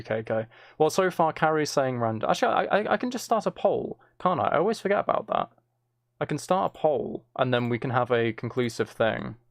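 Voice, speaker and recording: Guy streaming, rambly and unsure, bit of fry, dry sound. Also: medium pitch, no echo. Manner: chatty, hesitant, reads out chat messages. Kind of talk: casual live-stream chat.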